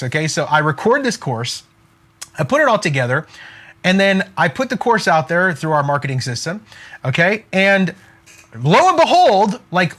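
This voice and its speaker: A middle-aged man coaching online entrepreneurs in an energetic, emphatic talk, peppered with "like" and "okay?". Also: high-pitched. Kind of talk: motivational direct-to-camera talk.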